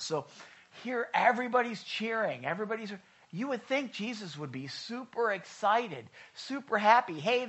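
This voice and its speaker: A man preaching a sermon in a conversational way, urging his listeners loudly one moment and reading scripture in a hushed voice the next. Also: extremely high pitch, muffled recording. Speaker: pastor.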